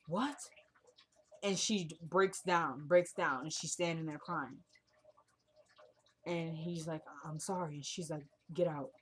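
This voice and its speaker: A woman's voice: on the low side, slightly rough. A young woman casually recapping a TV drama episode, retelling each scene by acting out the characters' lines.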